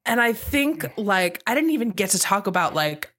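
Woman co-host, husky tone, swooping lively delivery, playful movie-recap chat. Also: medium pitch, normal speed. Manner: playful, animated storytelling with frequent "like". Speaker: podcast co-host. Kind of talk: casual movie-recap chat with read-out summary.

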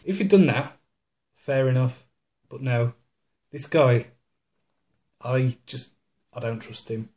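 A man co-hosting a podcast, chatting casually about a film. He retells scenes mockingly, slipping into silly voices. His voice sits at an ordinary middle pitch. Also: lively intonation, slow, long pauses, darkish tone. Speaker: podcast co-host. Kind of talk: casual chat. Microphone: studio microphone.

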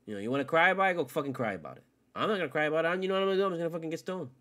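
A man hosting his own sports podcast alone, ranting with constant swearing, jumping from loud outbursts to low mutters. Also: animated, rapid-fire. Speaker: podcast host. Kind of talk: solo sports rant.

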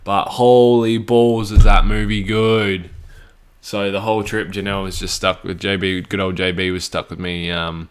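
A young man hosts a solo podcast in a casual, crude ramble. His voice sits a little low. He swears constantly and stumbles through fillers and restarts. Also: steady tone, normal speed, fairly bright tone, clean tone. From Australia. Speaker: podcast host.

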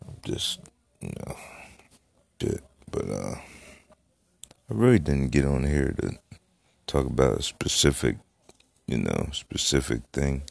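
A man's voice: very deep voice, big pitch swings, takes it slowly, vocal fry, long pauses, dry recording. A man hosting his own podcast, talking in a loose, rambling, profane way with lots of fillers. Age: adult, has a daughter. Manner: rambling, profane, laid-back. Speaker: podcast host. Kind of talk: casual solo podcast talk.

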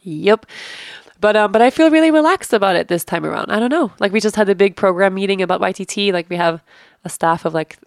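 A woman's voice: mid-range voice, quick pace, no room sound, clean studio sound. A woman hosting a podcast, chatting casually with her husband, laughing often and swearing casually. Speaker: podcast host. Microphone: studio podcast mic.

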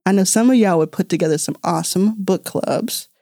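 A woman's voice: lowish voice, fairly quick, mellow, no room sound. Woman, podcast host; earnest, chatty, heartfelt monologue; dry small room. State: tearful.

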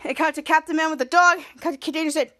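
High-voiced excitable woman podcast host. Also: fast talker. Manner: excitable, repetitive, frequent self-corrections. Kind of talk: casual episode recap.

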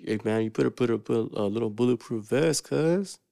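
A man's voice: medium pitch, a little fast, vocal fry, mellow, no echo, studio quality. A man co-hosting a podcast, telling stories in a laid-back, slangy way and swearing often. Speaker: podcast co-host. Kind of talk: casual chat.

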